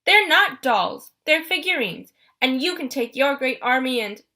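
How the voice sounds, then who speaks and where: A woman puts on a young boy who is pitched high and loud and takes offense easily. The tone is bright and full of protest, like a character in a children's audiobook. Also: lively intonation, moderate pace, full character voice. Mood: indignant.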